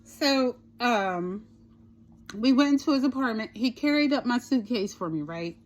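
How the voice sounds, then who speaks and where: A woman's voice: on the high side, lively intonation, unhurried. A woman vlogger casually telling a personal story, chatty, swearing a little and asking "right?" often.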